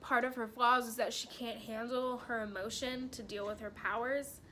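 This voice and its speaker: A young woman talks straight to her audience in a casual vlog, gushing like an excitable fan and laughing between thoughts. Her voice is bright and a little high, and she swears freely. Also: moderate pace, slight background noise. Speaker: vlogger. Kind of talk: casual movie review chat.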